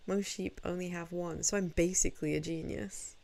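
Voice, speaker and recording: A woman's voice: mid-range voice, steady tone, a little fast, creaky, hardly any pauses, darkish tone. A sleepy, groggy woman streaming a game from home, chatting playfully with viewers in a self-mocking way. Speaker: VTuber streamer. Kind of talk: casual live-stream chat while gaming.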